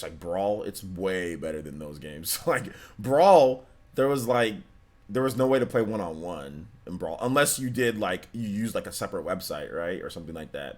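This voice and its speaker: A man hosting a game livestream, chatting loosely with many restarts and reading out donations from chat. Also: lowish voice. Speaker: livestream host.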